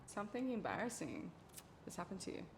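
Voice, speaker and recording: A young woman co-hosting a podcast in casual chat, teasing and quick to laugh. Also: mid-range voice, sing-song, a little hiss or hum. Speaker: podcast co-host.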